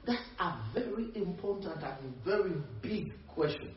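A man's voice: high voice, unhurried, hardly any pauses. A male preacher delivering a sermon, checking in with his listeners and laughing between points. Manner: animated, calls out to the congregation, laughs between points. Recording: dull, echoey, distant mic.

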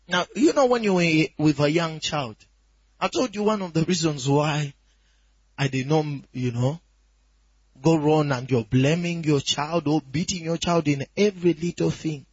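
A man's voice: fairly high pitch, slightly rough, no echo. Emphatic preacher man, dull lo-fi sound. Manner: emphatic, rising to shouts and quoting scripture with a crying tone. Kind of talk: sermon.

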